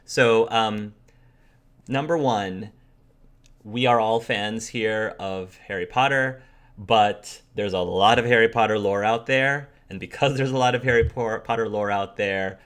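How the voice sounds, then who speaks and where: A man's voice: on the low side, unhurried, a bit bright, clean tone. A man hosting as game master, chatting casually and giving earnest, emphatic praise to his players. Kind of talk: casual chat.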